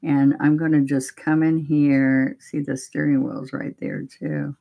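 A woman's voice: low voice, fairly even intonation, measured pace, vocal fry, warm tone. A woman demonstrating a painting technique live, explaining each step in a chatty, step-by-step way. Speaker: painting instructor.

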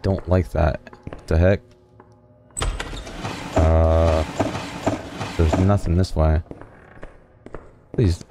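A man's voice: low voice, mellow. A man playing a horror game and commenting casually to himself, jumpy and a little nervous, sometimes reading in-game notes aloud. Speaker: gaming channel host.

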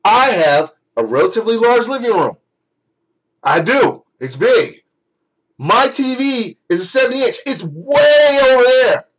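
A man's voice: extremely high pitch, sing-song, unhurried, a bit bright, poor audio. Angry, foul-mouthed man ranting. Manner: profane, exasperated, sarcastic. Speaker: gaming vlogger. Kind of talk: angry rant.

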